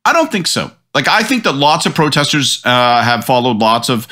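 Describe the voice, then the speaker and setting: A middle-aged man, a political commentator on a podcast panel, in an animated, profane rant. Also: mid-range voice, moderate pace. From Canada.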